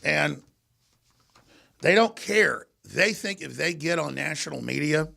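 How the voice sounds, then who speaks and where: Gravelly, forceful man ranting. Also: a little high, animated, measured pace. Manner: ranting, forceful, with mocking put-on voices in quotes. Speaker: talk show host. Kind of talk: heated political monologue.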